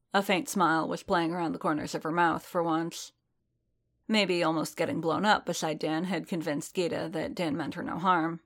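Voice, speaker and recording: A woman reading fan fiction aloud in a steady storytelling manner. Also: on the low side, creaky. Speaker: narrator.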